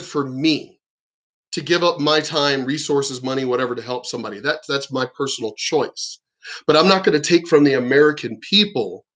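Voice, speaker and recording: High-voiced man in a profane rant. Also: fairly bright tone. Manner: angry, profane, rambling. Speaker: channel host. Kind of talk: profane political rant vlog.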